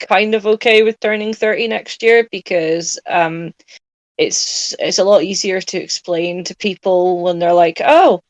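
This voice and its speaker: A woman's voice: lowish voice, steady tone, unhurried, no room sound. A woman in her late twenties co-hosting a casual chat, sleep-deprived, rambling and laughing often. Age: late 20s. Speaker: podcast co-host.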